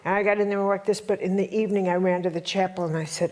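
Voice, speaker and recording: A woman's voice: medium pitch, level tone, quick pace, hardly any pauses, a little mellow. A middle-aged woman telling a dramatic story to a workshop audience, emphatic and full of repetitions. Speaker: workshop teacher.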